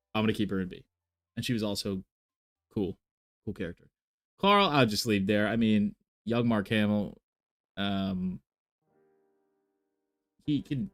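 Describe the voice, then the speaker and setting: A man chatting casually on a live stream, thinking aloud with many fillers and restarts. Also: on the low side. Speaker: reaction streamer.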